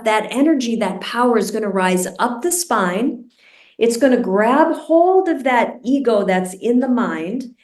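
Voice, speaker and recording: A woman meditation teacher guiding a group through a breathing practice, speaking slowly and deliberately, over a video call. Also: mid-range voice, darkish tone. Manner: slow, deliberate, soothing instruction. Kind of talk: guided meditation instruction. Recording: roomy and distant from the mic.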